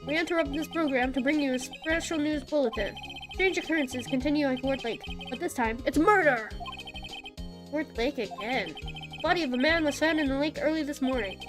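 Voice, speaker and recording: A streamer voicing a formal TV news anchor in a measured announcer cadence. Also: female voice, sits high, music in the background, lightly acted. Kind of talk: mock news broadcast reading.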